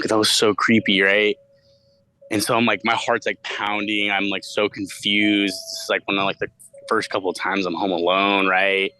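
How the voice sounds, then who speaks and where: A man's voice: fairly low pitch, fairly even intonation, unhurried, sharp tone, faint music behind. A man in his twenties telling a personal spooky story in a rambling, casual way, full of fillers and swearing. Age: 20s. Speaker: guest storyteller. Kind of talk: casual spoken ghost story. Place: studio.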